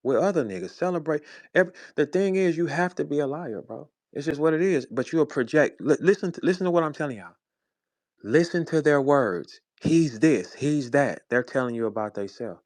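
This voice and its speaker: This is a battle rap host in his forties, from St. Louis, USA, ranting heatedly on his own show with crude language and derision. His fairly high voice is expressive, fairly quick and a little mellow, and there's no echo.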